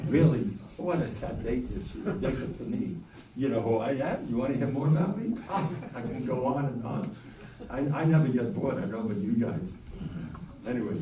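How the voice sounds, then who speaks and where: A man's voice: medium pitch, dark tone, slight background noise. An older man, a rabbi giving a joking, self-deprecating holiday talk to a gathering. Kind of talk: humorous Chanukah talk. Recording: roomy hall from a distance with faint ambience.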